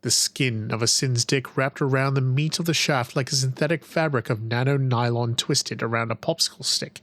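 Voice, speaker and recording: A man narrating a sci-fi audiobook in a measured, even storytelling manner, on a close microphone. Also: mid-range voice, poor audio.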